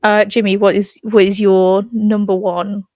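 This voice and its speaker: A woman co-hosting a podcast in casual chat, animated and playful when she retells scenes. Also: mid-range voice, unhurried, no echo. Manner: animated, acts out lines in playful voices. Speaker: podcast co-host.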